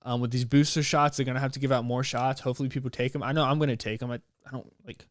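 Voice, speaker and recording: A young man, hosting his podcast and talking in a rambling, animated, slangy way. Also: mid-range voice, rapid-fire, dry recording, studio quality. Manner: rambling, animated, slangy, with playful put-on voices. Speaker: podcast host. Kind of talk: casual solo podcast monologue.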